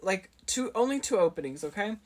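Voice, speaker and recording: A woman's voice: mid-range voice, sing-song, a little fast, darkish tone. A young adult woman vlogger telling a dramatic story in casual chat, full of fillers and asides to her viewers. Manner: chatty, dramatic, filler-heavy with constant "like".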